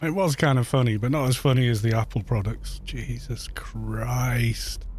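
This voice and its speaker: Guy streaming a game, ranting and laughing at stuff in disbelief, mid pitch, rambly with lots of restarts. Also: fast talker, darkish tone. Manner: incredulous, mocking rant. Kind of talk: casual livestream chat while gaming.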